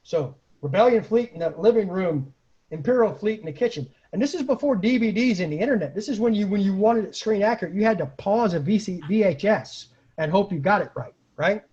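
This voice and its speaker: A middle-aged man telling a profane anecdote in a casual, lively way, as the host of an online storytelling call. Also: sits high, fairly quick, slightly rough, lo-fi sound. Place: at home on a video call.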